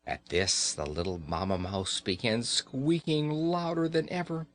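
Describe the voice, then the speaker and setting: A man reading a children's story aloud in a slow, expressive way. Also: mid-range voice.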